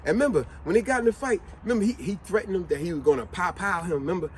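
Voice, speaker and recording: A man's voice: sits high, rapid-fire, slight background noise, poor audio. A man telling a motivational story in a casual, slangy way, full of rhetorical questions to his viewers. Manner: animated, slangy retelling with lots of rhetorical questions. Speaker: motivational vlogger.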